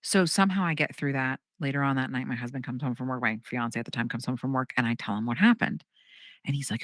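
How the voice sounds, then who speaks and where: A young adult woman, a comedian guest, telling a story in casual chat and acting out quotes with big jumps in pitch. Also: expressive, fast, no room sound, studio quality.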